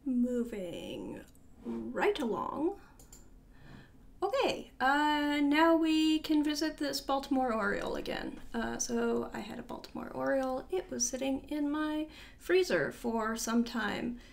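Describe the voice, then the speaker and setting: A woman's voice: high voice, big pitch swings, slow, vocal fry. A young adult woman casually talking through a tour of her sketchbooks, chatty and rambling, often trailing off and correcting herself. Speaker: artist showing her sketchbook.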